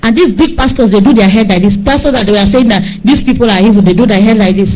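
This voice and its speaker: A woman with a Nigerian accent, preaching with fervor and telling a dream as testimony, pleading and rising to high cries. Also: quick pace, darkish tone, slight background noise, rough recording. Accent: Nigerian English.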